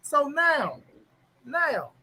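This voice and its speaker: A man co-hosting a boxing talk show, arguing loudly and profanely, talking over the other host in a heated casual debate. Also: very high voice, sing-song, drawn-out words, crowd noise, rough recording.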